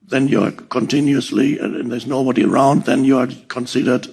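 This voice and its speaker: An older man giving a slow, reflective spiritual talk, pausing often and chuckling softly. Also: medium pitch, steady tone, creaky, breathy edge. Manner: slow and deliberate, with soft chuckles. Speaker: spiritual teacher.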